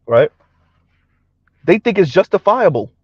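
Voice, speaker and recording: Speaking directly to viewers, a man on his casual commentary vlog mocks, laughs often, and keeps asking "right?". His high, slightly rough voice swings widely in pitch at a measured pace, and the recording is dry and muffled.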